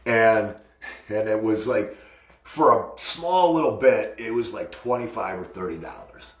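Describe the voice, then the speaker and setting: A man's voice: on the low side, lively intonation, a little slow, reverberant. A middle-aged man casually telling a rambling, self-mocking personal story, laughing often.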